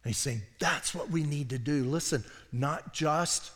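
A man preaching a sermon as pastor, animated and self-deprecating, dropping to quiet asides as he tells stories. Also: fairly high pitch, a little slow. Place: church sanctuary. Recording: long hall reverb.

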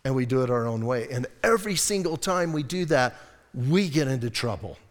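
A man preaching a casual, animated sermon as pastor, acting out voices in the quotes. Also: medium pitch, a little fast, in a large hall. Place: church hall.

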